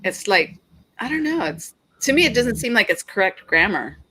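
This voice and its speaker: A woman co-hosting a casual podcast chat, giggly and slow to speak. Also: mid-range voice, big pitch swings, sharp tone, a little hiss or hum, poor audio. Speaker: podcast co-host.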